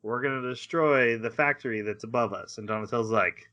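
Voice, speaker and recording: A man's voice: medium pitch, fairly quick, sharp tone, highs cut off. A man co-hosting a podcast, casually retelling an anime episode in a rambling way, acting out lines and laughing. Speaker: podcast co-host. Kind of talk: casual anime recap chat.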